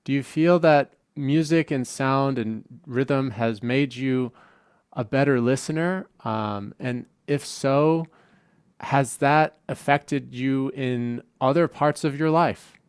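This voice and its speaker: Slow, smooth-voiced male podcast host. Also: medium pitch, dry recording, clean studio sound. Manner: slow, reflective. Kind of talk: interview questions.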